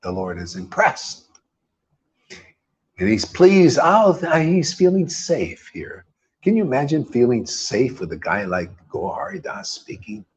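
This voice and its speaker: A man's voice: mid-range voice, big pitch swings, unhurried. A middle-aged man giving an informal scripture sermon, emphatic, with rhetorical questions and repeated key words. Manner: emphatic, keeps calling listeners "man". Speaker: spiritual teacher. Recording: dull lo-fi recording.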